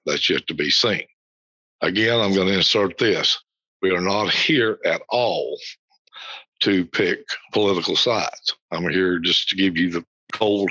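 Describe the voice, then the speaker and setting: A low-pitched man hosts a podcast, reading official text aloud and repeating key passages slowly. The sound is dry and a little dull and lo-fi. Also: a bit bright, dry recording. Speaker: podcast host.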